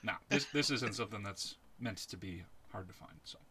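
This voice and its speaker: Guy running a tabletop game, lowish voice, takes his time, faint hiss behind. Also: bright, forceful tone. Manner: slow, measured narration. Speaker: game master.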